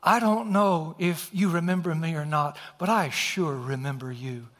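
A man's voice: fairly high pitch, moderate pace, fairly bright tone, close to an everyday voice. Man doing a respectful young man. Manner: earnest and respectful. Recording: long hall reverb.

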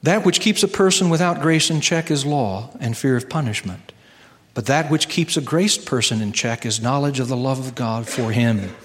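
A man preaching a sermon and telling a story, earnest, slowing down for key lines. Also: medium pitch, expressive, in a large hall.

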